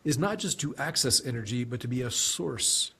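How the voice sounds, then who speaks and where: A man with a husky, breathy edge to his voice speaks as a podcast guest in a mid-pitched voice. He talks in a loose, reflective way and keeps circling back with "you know". It sounds like a conversational interview. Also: lively intonation, moderate pace, pushed and bright. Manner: reflective and rambling, heavy use of "you know". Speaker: podcast guest, sales leader.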